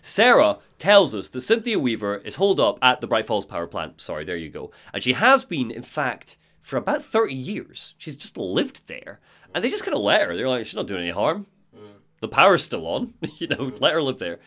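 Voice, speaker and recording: A man co-hosting a podcast, recapping a game's story in an animated way, laughing often and acting out the characters' lines. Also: mid-range voice, moderate pace. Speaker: podcast co-host recapping a game.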